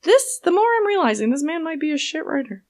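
A woman's voice: high voice, sing-song, quick pace. A young woman co-hosting a casual chat podcast, joking and swearing, reading excerpts aloud. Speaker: podcast co-host.

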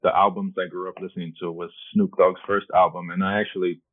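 A man's voice: low-pitched, flat delivery, quick pace, no echo. A man from New York City, a guest on a podcast, chatting in an easygoing, good-humored way over a remote call. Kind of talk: casual chat over a call. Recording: dry, tinny call audio.

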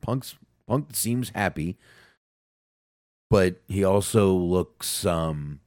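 A man co-hosting a casual wrestling podcast, talking profanely and excitably while he has a sinus cold. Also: sits low, very slow, no echo, clean studio sound. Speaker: podcast co-host.

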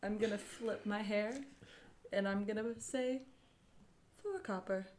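A woman's voice: mid-range voice, fairly even intonation, a little slow, a little mellow, a little hiss or hum. A woman playing in a tabletop game, talking playfully and casually. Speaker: player.

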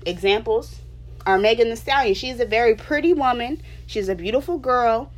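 A vlogger delivers an opinion monologue, passionately and emphatically lecturing her viewers in a preachy way, with small laughs between points. Her voice is fairly high and her pace moderate.

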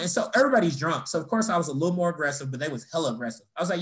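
A young man with a slightly high voice rattles off personal stories at a rapid clip, barely pausing. He swears freely and acts out the voices of the people he quotes, all in casual, animated conversation.

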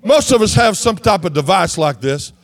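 A man from Texas, preaching a sermon in an animated way that rises to shouts. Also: high voice, moderate pace, vocal fry, no echo. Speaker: pastor.

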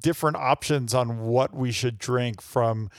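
Man, podcast co-host, mid-pitched voice, relaxed and rambling, dry sound. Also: measured pace, no room sound. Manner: easygoing, rambling storyteller. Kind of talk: casual podcast chat.

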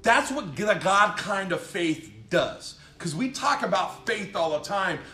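A high-voiced man preaching with fiery emphasis, stacking repeated phrases and urging his listeners on. His voice rings in a roomy, echoing space, with soft music playing underneath. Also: big pitch swings, a little slow. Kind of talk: sermon. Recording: echoey room with faint music behind.

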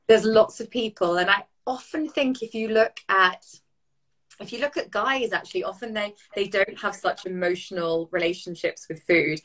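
A woman's voice: mid-range voice, fairly bright tone, low-quality recording. A woman chatting casually as a coach on a podcast, with lots of fillers and playful asides. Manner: chatty, frequent fillers, voices inner thoughts playfully. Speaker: coach and co-host.

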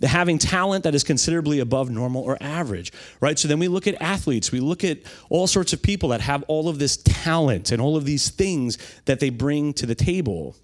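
A middle-aged man preaching a sermon in a casual, talky way, his voice sitting a little high for a man. He keeps checking in with the listeners by asking "right?" after his points. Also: lively intonation, brisk, few pauses. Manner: conversational, keeps adding "right?". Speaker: pastor.

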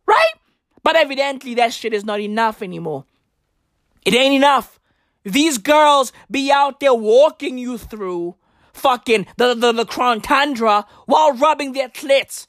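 An exasperated woman in a comic rant, profane and repetitive, bursting into shouts. Her voice sits high and swoops widely, and her delivery is slow and deliberate. The recording is dry and close. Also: expressive, no echo. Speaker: ranting vlogger.

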